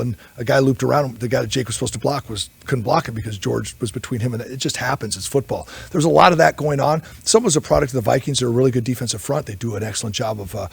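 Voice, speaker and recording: A man's voice: mid-range voice, vocal fry, slightly rough, no room sound. A man, an offensive line coach, giving candid, rambling answers at a press conference and telling stories as he goes. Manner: rambling storyteller, candid, self-interrupting.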